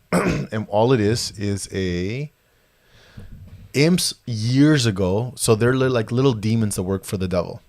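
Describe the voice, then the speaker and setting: Low-voiced man rambling in casual chat. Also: lively intonation, slow, creaky, pauses often, darkish tone, no echo. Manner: rambling, full of fillers and restarts. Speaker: podcast host.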